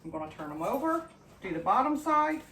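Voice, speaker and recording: A woman's voice: fairly high pitch, very animated, brisk, echoey room, distant mic, noisy background. A woman chatting enthusiastically to her viewers while demonstrating a recipe in her home kitchen. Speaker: home cooking vlogger. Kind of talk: casual cooking demonstration.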